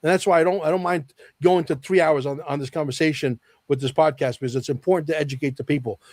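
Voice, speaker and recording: A man's voice: on the high side, fairly even intonation, quick pace, darkish tone, no echo, clean studio sound. A man talking as a podcast guest in a casual conversation, speaking with emphasis and repeating his key phrases to drive them home.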